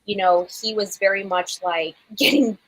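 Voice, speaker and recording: A woman's voice: mid-range voice, moderate pace, low-quality recording. A woman from the Chicago area, a podcast guest chatting casually, full of ums and likes. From Chicago area, US Midwest. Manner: chatty, lots of um and like. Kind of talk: casual panel chat.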